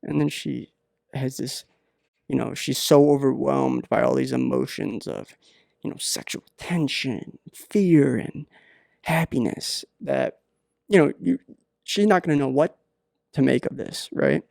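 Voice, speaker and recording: A man hosting a podcast, giving rambling deadpan comedic advice with many halting fillers. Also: mid-range voice, gravelly, no echo, clean studio sound. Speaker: podcast host.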